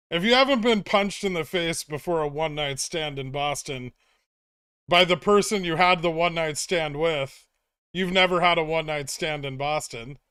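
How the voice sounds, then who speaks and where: A man's voice: a little high, moderate pace, bright, forceful tone, smooth, no room sound, clean studio sound. A man hosting a live stream, reading viewer comments aloud and answering them with crude, joking banter. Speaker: streamer host reading chat. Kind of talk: casual live-stream chat.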